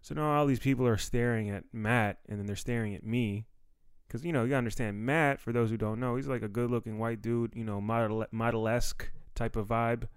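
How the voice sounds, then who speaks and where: A man's voice: medium pitch, fairly even intonation, a little fast, clean tone, no echo. A young adult man from the Washington, D.C. area, a comedian telling a story in a casual monologue, laid-back and profane. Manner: laid-back, profane, acts out quoted dialogue.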